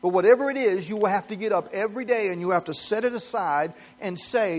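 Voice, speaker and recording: High-voiced man preaching a sermon. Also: fast, few pauses. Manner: earnest, emphatic preaching with light laughs. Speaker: pastor.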